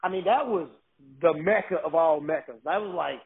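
A man telling excited stories in a casual chat, often restarting his sentences. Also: on the high side, moderate pace, vocal fry, breathy edge. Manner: excited, animated storytelling with restarts. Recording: thin phone-like line.

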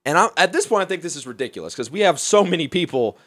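A young man from Alabama telling a wild story in casual talk, profane and animated, often laughing. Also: a little high, fast, dry recording.

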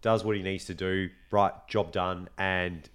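Animated Australian man telling stories. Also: deep voice, measured pace, smooth. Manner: animated storyteller, swears freely. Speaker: podcast co-host. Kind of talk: casual chat.

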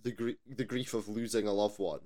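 A man co-hosting a podcast in casual chat, animated, swearing freely and asking rhetorical questions. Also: lowish voice, fairly quick. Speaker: podcast co-host.

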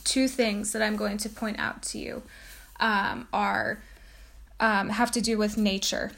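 A woman's voice: medium pitch, flat delivery, measured pace, vocal fry, a bit bright. A woman giving an informal lecture on a poet and reading a poem aloud, with frequent ums and uhs. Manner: casual, many ums and uhs. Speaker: teacher presenting a poet.

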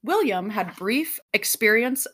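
A woman's voice: medium pitch, animated, a little slow, sharp tone. A woman hosting a podcast, reading out a mystery in a casual, jokey way with frequent laughs and swearing. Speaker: podcast host.

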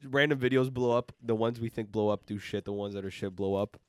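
A man co-hosting a podcast in casual chat, telling stories in an animated way and swearing freely. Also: fairly low pitch, smooth, dry recording. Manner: rapid, animated storytelling with swearing. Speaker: podcast co-host.

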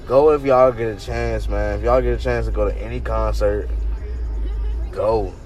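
A man hosting a podcast, telling a story casually with lots of swearing and animated laughter. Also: fairly low pitch, moderate pace, soft background music. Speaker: podcast host.

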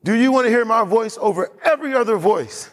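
A man's voice: very high-pitched, animated, brisk. A man preaching a sermon as pastor in a church, emphatic and given to repeating his lines and reading scripture aloud.

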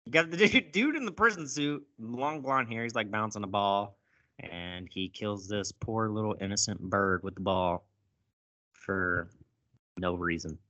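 A man casually recapping a movie, animated and profane, acting out lines as he goes. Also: on the low side, a little slow. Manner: animated, swears a lot, acts out lines. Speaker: podcast host recapping a movie. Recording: dull lo-fi sound.

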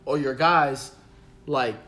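On a laid-back podcast, a male guest with a mid-range voice tells a story at a slow pace. He's animated, laughing often and acting out the quotes as he goes.

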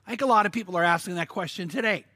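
A man preaching a sermon, telling the story in an animated way with stammered restarts and sudden emphatic bursts. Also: high-pitched, very fast, dry recording, studio quality. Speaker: pastor.

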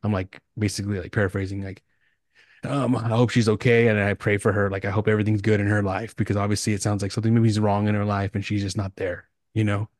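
Man, low voice, dry close sound, casual podcast chat, rambling slangy stories. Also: little pitch movement, fast talker, darkish tone, no echo. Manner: rambling storytelling, heavy slang and swearing. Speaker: podcast host.

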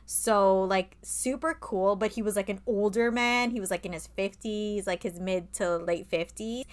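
A woman co-hosting a relaxed podcast, chatting loosely and peppering her talk with "like" and casual swearing. Her pitch sits in an ordinary middle range for a woman. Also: moderate pace. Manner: chatty, swears, lots of "like" fillers. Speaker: podcast co-host. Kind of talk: casual chat.

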